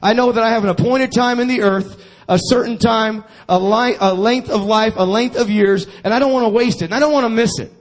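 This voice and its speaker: High-voiced man preaching a sermon. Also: brisk, few pauses. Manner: call-and-response preaching, repeats phrases. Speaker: pastor.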